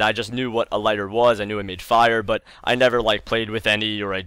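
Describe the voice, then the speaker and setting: A man's voice: fairly low pitch, steady tone, fast, hardly any pauses, fairly bright tone, clean tone, no echo. A man telling a childhood story in a casual vlog, chatty and rambling, repeating words for emphasis. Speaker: YouTube storyteller.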